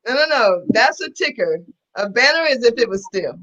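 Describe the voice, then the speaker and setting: Giggly, high-voiced woman guest. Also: lively intonation, moderate pace, fairly bright tone, muffled recording. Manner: giggly, bashful. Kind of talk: casual live-stream chat.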